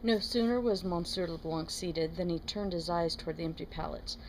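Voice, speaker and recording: A woman with a slightly low voice reads a classic novel aloud in a steady, plain manner. She corrects a slip now and then. A faint hiss runs under the recording. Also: moderate pace, low-quality recording. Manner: steady, plain reading with small self-corrections. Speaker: reader.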